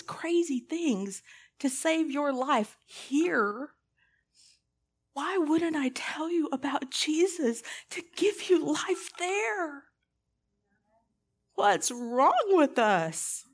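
A woman preaching a sermon in an earnest, impassioned way, putting pointed questions to her listeners. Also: sits high.

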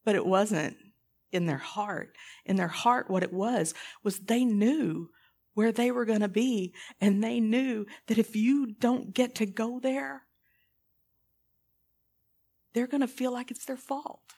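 A woman's voice: fairly high pitch, unhurried, darkish tone, slightly rough. A woman preaching a sermon in an earnest, impassioned way, putting pointed questions to her listeners.

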